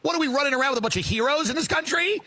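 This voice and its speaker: A man ranting loudly in a comedic style, swearing and acting out mock voices. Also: extremely high pitch, rapid-fire. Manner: loud swearing rant, acts out rich people in mock voices. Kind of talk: comedic rant.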